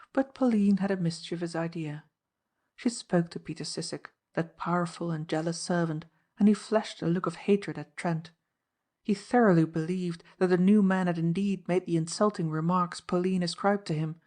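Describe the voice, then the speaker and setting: A lowish female voice narrates an audiobook, reading the script steadily and with measured care.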